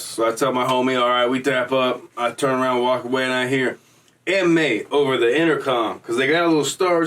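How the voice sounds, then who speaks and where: A man's voice: mid-range voice, a bit bright, distant mic. A man telling a story in a casual, slangy, streetwise way. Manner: slangy, streetwise, acts out quoted voices.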